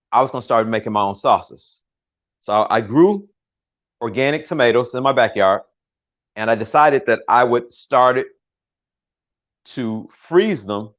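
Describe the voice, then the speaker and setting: An older American man walks viewers through a recipe in his home kitchen, chatting loosely, correcting himself and cracking small jokes. His voice sits at a middle pitch. The livestream audio is a little dull and lo-fi. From United States. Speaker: home cook hosting a livestream. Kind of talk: casual cooking demonstration.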